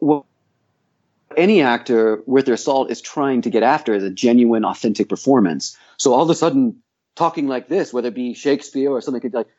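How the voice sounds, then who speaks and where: A man of middling pitch who teaches voice and acting, talking through his ideas in a podcast. He thinks aloud, restarts his sentences, and states firm opinions. The sound is a little dull and lo-fi. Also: a little mellow. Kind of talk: podcast interview.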